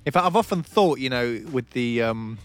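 A man chatting playfully as co-host, often pausing on fillers and restarting his sentences. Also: mid-range voice, animated, clear, resonant tone. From abroad, living in Britain. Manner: playful, hesitant with many fillers. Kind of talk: casual comedic chat.

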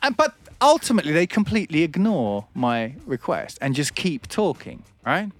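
A man who does stand-up spins long, rambling anecdotes on a radio show, laughing often and acting out other people's lines. His voice sits a little high and moves a lot, with faint music behind him. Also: big pitch swings, normal speed. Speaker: comedian and radio host. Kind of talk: casual radio storytelling. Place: radio studio.

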